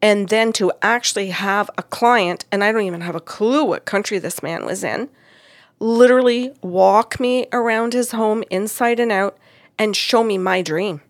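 A woman speaking at a middle pitch, telling a story in animated casual chat. She talks as a psychic medium recounting a client session and acts out what others said with sudden high jumps in pitch. The recording is close and dry, with no room sound. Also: normal speed, no echo. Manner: expressive, acts out quoted voices with big pitch jumps.

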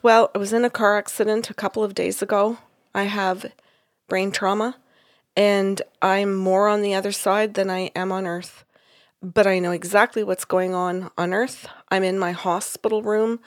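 A woman, a psychic medium, telling a story in casual conversation, animated and laughing often. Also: mid-range voice, no room sound, clean studio sound. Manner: animated, laughs often, quotes others in dialogue. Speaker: psychic medium, podcast co-host.

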